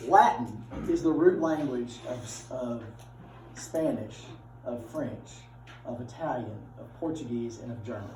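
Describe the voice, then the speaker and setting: A middle-aged man teaches a class in a folksy, joking way, chatting casually with his students. His medium-pitched voice is warm and a little slow. He's recorded from far off in a roomy classroom, with slight background noise.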